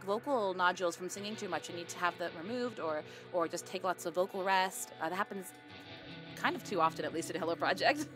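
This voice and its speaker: A woman streaming a game, chatting playfully with her chat, laughing often and greeting viewers with pirate-style ahoys. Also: mid-range voice. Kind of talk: casual live-stream chat while gaming.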